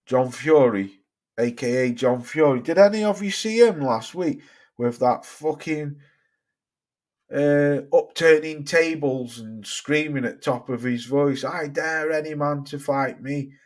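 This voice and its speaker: A man's voice: a little high, expressive, unhurried, a little mellow. A middle-aged man hosting a boxing livestream, ranting casually and swearing with exasperation as he reads out viewer comments. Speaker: boxing channel host.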